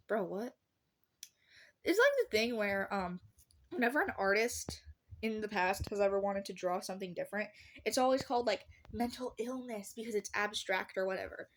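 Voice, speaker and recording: A woman's voice: medium pitch, lively intonation, normal speed. A teenage girl talking casually about art as a vlogger, chatty and sarcastic, laughing often and swearing now and then. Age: teens. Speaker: artist vlogger. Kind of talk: casual chat.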